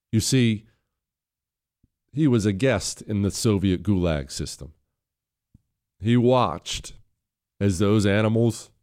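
A man's voice: fairly low pitch, darkish tone. Indignant, emphatic talk radio host, a man. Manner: indignant, emphatic, sarcastic, reads quotes in a raised voice. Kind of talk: opinion talk radio monologue. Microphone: studio microphone.

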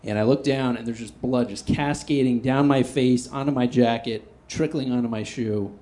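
A man performing stand-up, telling a story in a self-deprecating, animated way and swinging between loud outbursts and hushed asides. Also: mid-range voice, normal speed. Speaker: stand-up comedian.

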